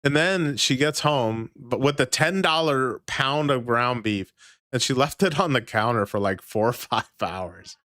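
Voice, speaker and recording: A man's voice: mid-range voice, unhurried, pushed and bright, dry recording, studio quality. A man in his thirties hosting a casual livestream chat, rambling and swearing often as he reads and answers chat. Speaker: livestream host.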